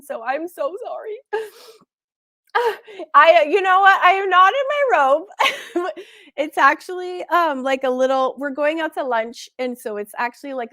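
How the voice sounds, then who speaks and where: A woman hosting an online art class, chatting casually with viewers in a bubbly, excitable, giggly way and saying "like" a lot. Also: sits high, no echo, clean studio sound. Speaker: online art teacher and host. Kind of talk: casual livestream chat answering viewer comments.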